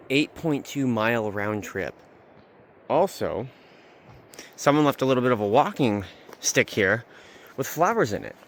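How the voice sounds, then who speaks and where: A young man vlogging as he hikes up a mountain trail. He is out of breath and chatty, and he repeats himself when something excites him. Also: mid-range voice, a little hiss or hum. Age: young adult. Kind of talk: casual hiking vlog.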